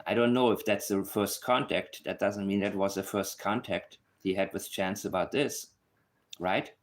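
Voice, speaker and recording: A man's voice: on the low side, fairly even intonation, moderate pace. A man with a non-native accent, a true-crime commentator talking through a case in casual analysis to camera. He is sarcastic and emphatic, and repeats his points to drive them home.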